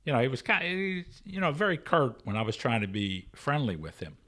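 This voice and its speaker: A man's voice: mid-range voice, very animated, a little fast, pushed and bright. An older man, an interview guest, telling a story and acting out both sides of the conversations in it.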